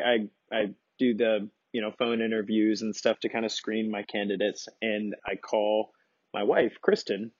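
A man's voice: on the low side, slightly rough, dry recording, dull audio. A man hosting a podcast, casually teaching a Bible study with rambling asides and many restarts.

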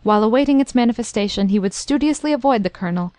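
A woman's voice: on the high side, animated, racing, darkish tone, dry recording. Woman narrating a classic story, dry sound. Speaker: audiobook narrator.

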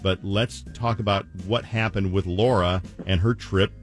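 A man hosting a radio call-in show, animated and incredulous as he recaps a caller's story. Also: sits low, measured pace, soft background music. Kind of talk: casual radio chat.

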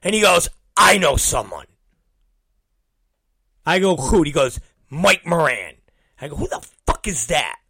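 A man tells a long, swear-filled story with a bright, lively voice that jumps up and down in pitch. He talks slowly and drops into low, mumbled impressions of the people he quotes. The sound is dry and close. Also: creaky, husky, dry recording. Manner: acts out both sides of conversations, swears constantly; animated, mimics others in low mumbling voices. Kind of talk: profane storytelling rant.

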